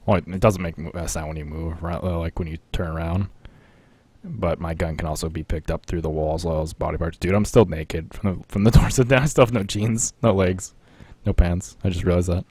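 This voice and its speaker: Fairly quick and steady, this young man's low-pitched voice sounds a little mellow with a breathy edge, and there's no echo. He's streaming a battle royale game, chatting casually, rambling and laughing often.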